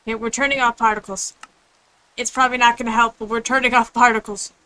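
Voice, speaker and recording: Chatty bright-voiced woman streamer. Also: on the high side, level tone, quick pace, smooth, rough recording. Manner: chatty, rambling, reads chat aloud. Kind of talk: casual gameplay chat. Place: home room with others nearby.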